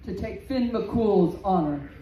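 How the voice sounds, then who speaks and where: A woman voicing a huge, scornful male giant who speaks in slow, emphatic insults, recorded from a distance in a roomy space. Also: mid-range voice, expressive, dark tone. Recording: roomy, distant, faint background noise.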